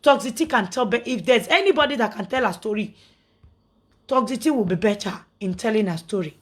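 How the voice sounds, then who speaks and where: Indignant Nigerian woman, higher voice. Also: lively intonation, brisk. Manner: indignant, preachy, rhetorical questions. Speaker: social media personality. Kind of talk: casual monologue to followers.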